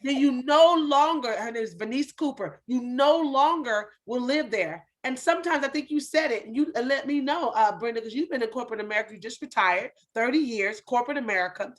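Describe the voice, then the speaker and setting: A woman's voice: high-pitched, a little fast, few pauses. A woman host giving an emphatic, faith-driven motivational talk in a preaching manner.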